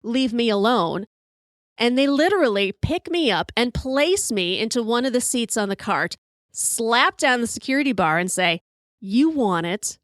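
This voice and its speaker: A woman in her fifties tells a wild story for her podcast, animated and freely profane, jumping into the voices of the people she quotes. Her voice sits a bit high. The sound is dry and close, with no room around it. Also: moderate pace, no echo. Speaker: podcast host. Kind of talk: storytelling monologue.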